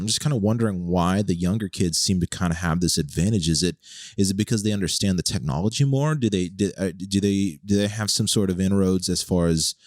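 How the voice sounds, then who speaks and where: A man's voice: lowish voice, no echo, studio quality. A man hosting a casual podcast chat, musing aloud with hesitant restarts. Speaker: podcast host.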